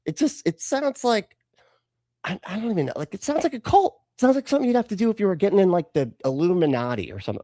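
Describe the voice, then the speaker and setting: Sarcastic, lively man streaming live. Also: high voice, quick pace, no room sound. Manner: sarcastic and profane, talks back at clips. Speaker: host of a live reaction stream. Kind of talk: casual live-stream commentary.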